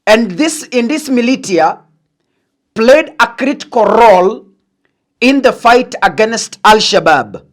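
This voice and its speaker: Emphatic Kenyan woman, lively pitch. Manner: deliberate, emphatic, mixes in Swahili phrases. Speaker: political commentator. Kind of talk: political analysis monologue.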